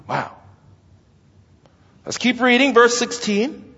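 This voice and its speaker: A man's voice: high-pitched, sing-song, unhurried, fairly bright tone. A man preaching an expository sermon, emphatic and exclaiming as he explains a text. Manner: emphatic, exclaims and stretches words. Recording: lo-fi with long hall reverb.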